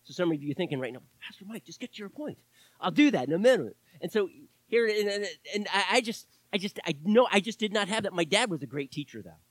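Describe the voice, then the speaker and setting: Impassioned high-voiced male preacher. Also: lively intonation, fast, no echo, poor audio. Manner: impassioned, swings from loud to hushed, calls on the congregation. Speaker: pastor. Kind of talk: sermon.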